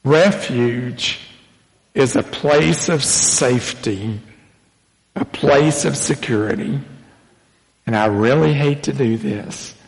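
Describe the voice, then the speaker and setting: A man's voice: mid-range voice, slow, creaky, long pauses. A man preaching a sermon to his congregation in a church, with folksy joking asides. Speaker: pastor. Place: church sanctuary. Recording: long hall reverb.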